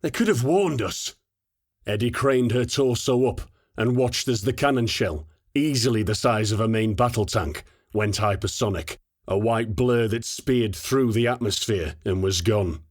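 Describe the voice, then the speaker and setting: Brief: low, measured male audiobook narrator, dry close mic. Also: no room sound.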